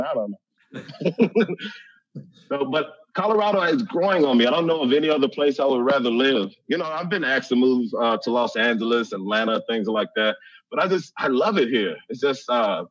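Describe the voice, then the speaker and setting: A man from Chicago telling a humorous personal story, animated and laughing often as he acts out voices. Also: a little high, breathy edge, no echo, muffled recording.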